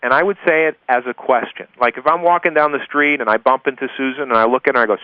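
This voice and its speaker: A man's voice: fairly high pitch, expressive, fast, no echo. Man coaching over a tinny phone line. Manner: chatty, repeats key points, checks in with "okay?". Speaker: sales prospecting coach. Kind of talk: conversational recorded course lesson.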